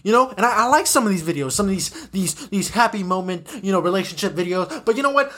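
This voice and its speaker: Young man, podcast host, agitated profane rant, swooping lively pitch, repeats himself. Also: fast. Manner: profane, agitated, repetitive ranting with many "you know"s. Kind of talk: solo ranting podcast episode.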